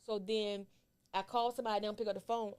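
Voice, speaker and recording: A woman's voice: medium pitch, flat delivery, fast talker, a little mellow, clean tone. A woman hosting a podcast interview, talking loosely with many fillers. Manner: rambling, full of "you know" fillers. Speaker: podcast host. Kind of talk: casual interview chat.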